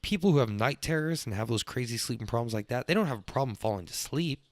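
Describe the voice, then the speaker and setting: A young man, hosting a podcast as a rambling, profane monologue that gets louder when he is worked up. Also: medium pitch, quick pace, dry recording, clean studio sound. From Texas. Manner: profane, loose and excitable, swings up when worked up. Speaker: podcast host.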